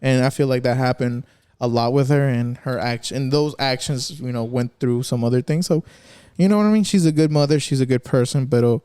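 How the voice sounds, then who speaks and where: A man's voice: medium pitch, fairly quick, dark tone, clear, resonant tone, no echo, clean studio sound. A man hosting a casual podcast, telling stories in a rambling, profane way and laughing often. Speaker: podcast host.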